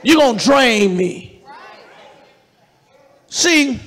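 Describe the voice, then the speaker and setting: A male pastor preaching a sermon with call-and-response, building to shouts, recorded live in a church. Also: extremely high pitch, animated, slow, vocal fry, long pauses. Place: church sanctuary. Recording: live church hall reverb with congregation.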